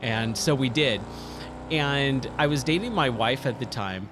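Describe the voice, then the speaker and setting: A man's voice: mid-range voice, lively intonation, a little slow, music in the background. A man in his thirties, a gaming streamer, casually telling a rambling story full of fillers and self-corrections. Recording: loud racing game sounds underneath.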